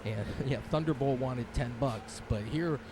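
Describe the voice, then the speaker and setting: A man's voice: medium pitch, a little slow, background noise. A man vlogging his walk through a night-time city holiday event outdoors, chatting in a rambling, upbeat way about the local sights, with live music playing around him. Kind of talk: casual walk-around commentary.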